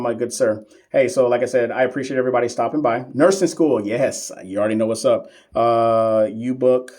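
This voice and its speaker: A man's voice: mid-range voice, a little mellow. A man hosting a casual live-stream Q&A as a nursing exam coach, reading viewer comments aloud and answering them in a loose, teasing, familiar way.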